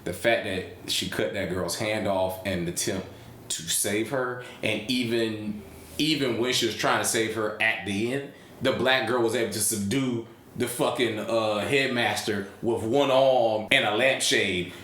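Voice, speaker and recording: A man casually reviewing a horror film, ranting with lots of profanity and getting loud and animated. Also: unhurried, roomy sound. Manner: animated, profane, rants with rising pitch.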